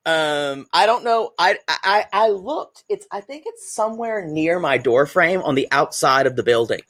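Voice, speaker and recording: A man's voice: on the high side, lively intonation, moderate pace, hardly any pauses, a bit bright. Giggly rambling male podcast co-host. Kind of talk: casual chat. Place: home.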